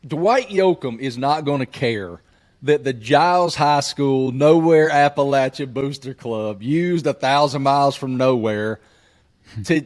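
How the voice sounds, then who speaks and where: A man in his forties hosts a casual podcast chat, spinning a hometown story with a jokey, animated delivery. His voice sits at a middle pitch for a man. He grew up in southwest Virginia. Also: unhurried. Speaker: podcast host.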